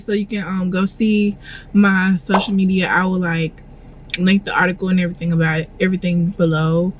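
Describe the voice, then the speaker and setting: A woman's voice: medium pitch, fairly bright tone, muffled recording. A young woman chatting casually in a vlog from a parked car, full of fillers and gushing feeling. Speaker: vlogger and clothing designer.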